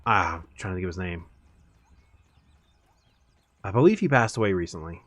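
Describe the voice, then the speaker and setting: A man's voice: deep voice, expressive, moderate pace, a bit bright, no room sound. A man chatting casually while streaming a game, rambling and laughing easily. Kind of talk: casual chat while gaming.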